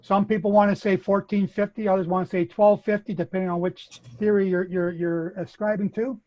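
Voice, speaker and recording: A man's voice: sits high, fairly even intonation, normal speed, hardly any pauses, mellow, lo-fi sound. A man with a Canadian accent, methodically explaining a bible chronology as a guest speaker. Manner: methodical, lecturing.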